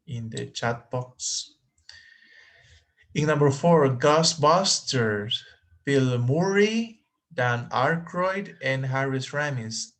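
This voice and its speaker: A man's voice: mid-range voice, fairly bright tone. A man teaching an online English class, patiently repeating words for his students.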